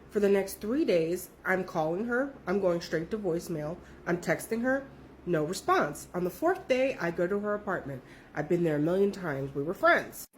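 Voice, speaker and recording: A woman's voice: lowish voice, slight background noise. A young woman telling her own story in a casual, profane, emphatic way.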